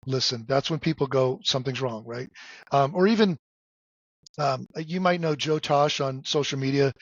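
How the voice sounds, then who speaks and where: A middle-aged man hosting a podcast in casual chat, halting with many fillers and restarts, cracking jokes. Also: fairly high pitch, no echo. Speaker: podcast host. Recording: dull dry lo-fi sound.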